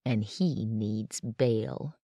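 A reader voicing Justin, a slow, menacing thug. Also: male voice, warm tone, breathy edge, dry recording, studio quality, exaggerated voice. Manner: slow, low and threatening. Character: menacing young male thug with a switchblade. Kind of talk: audiobook character voice.

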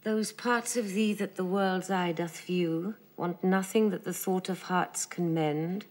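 A woman reciting a sonnet in a flat, unstressed way. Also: lowish voice, unhurried. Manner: flat, unstressed verse reading. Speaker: actress in a masterclass.

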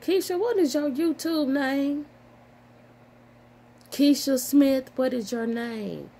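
An older woman who is a grandmother, talking casually to her vlog audience from home at her computer, animated and swearing as she scolds herself with laughs. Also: high-pitched, takes it slowly, gravelly. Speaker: YouTuber. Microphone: phone or computer mic.

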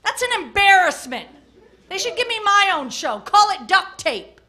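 Brash high-voiced woman doing crude stand-up. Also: big pitch swings, moderate pace, sharp tone. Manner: brash, crude, heckles the audience. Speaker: stand-up comic. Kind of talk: live stand-up comedy. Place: comedy club stage with a live audience. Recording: live club recording with crowd laughter and noise.

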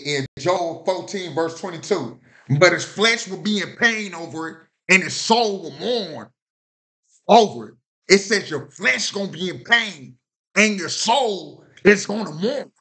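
A man's voice: sits high, animated, a little slow, sharp tone. A man preaching a sermon in an informal style, often asking his listeners whether they heard him. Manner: preaches in a vernacular style, repeats "You hear what I said?".

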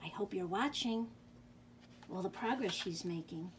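A woman librarian leading a children's storytime, reading a picture book aloud gently and expressively, then showing a craft. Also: medium pitch, measured pace, long pauses, a little hiss or hum. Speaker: youth services librarian.

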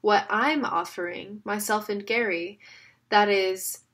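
A woman reading aloud as a sarcastic, smooth-talking villain, a middle-aged man with a mocking, wheedling manner. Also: mid-range voice, takes it slowly, a bit bright. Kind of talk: audiobook reading.

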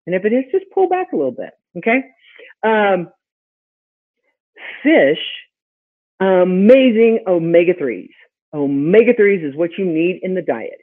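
A woman hosting a lively teaching webinar, firing off rhetorical questions and answering them herself. Her voice is husky, and it comes through thin, phone-like audio. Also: fairly low pitch, a little slow, long pauses. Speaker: host and pet health consultant.

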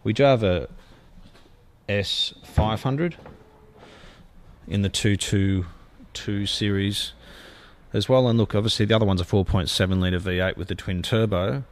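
Aussie car salesman raving about a car, kinda low voice, all gushy. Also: a little slow. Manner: enthusiastic, gushing sales talk. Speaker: car dealer.

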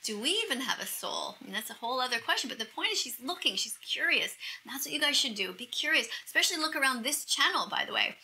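A middle-aged woman with a high, piercingly bright voice gushes emotionally to the camera. She reacts to a video and keeps slipping into breathy whispers. The delivery is intense and heartfelt. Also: animated, fast talker, few pauses, a little hiss or hum, rough recording. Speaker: vegan activist vlogger.

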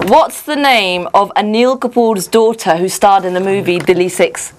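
A woman's voice: mid-range voice, moderate pace. A woman hosting a quiz show in a playful, teasing way, often laughing. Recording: noisy studio sound.

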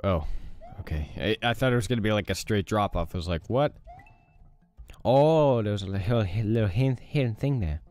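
A young man giving casual let's play commentary, reacting loudly to the game, groaning and swearing. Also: on the low side, animated, brisk, faint music behind. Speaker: gaming YouTuber.

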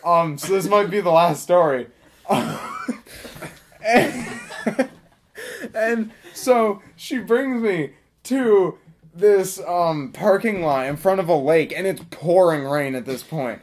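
A young man telling a story casually, rambling with many fillers and deadpan asides. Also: high voice, slow, slight background noise.

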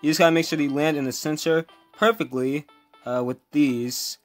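A man's voice: fairly high pitch, fairly even intonation, a little fast, faint music behind. A young man giving casual gameplay commentary as a gaming video host, jumpy and easily frustrated, yelping and raging when he falls.

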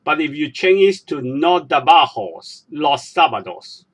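Slow, careful man teaching a lesson. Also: fairly high pitch, sing-song, breathy edge, low-quality recording. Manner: slow, careful, repeats words one by one. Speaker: language teacher. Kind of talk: slow step-by-step language lesson.

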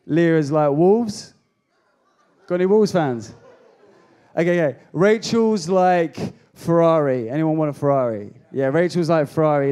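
A man preaching a comedic youth sermon, energetic and jokey, calling out to the crowd. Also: on the high side. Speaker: pastor.

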